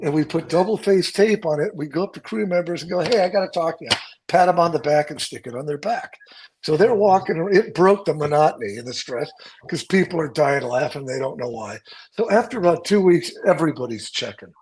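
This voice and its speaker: A man, a stunt coordinator, telling profane, lively stories from a film set and acting out other people's lines. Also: on the high side, a little fast, low-quality recording.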